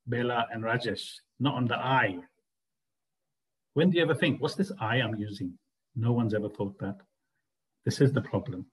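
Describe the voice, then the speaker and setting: A man's voice: medium pitch, rough recording. A man teaching a spiritual study group, explaining ideas earnestly and asking the class rhetorical questions. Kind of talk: class discussion lecture.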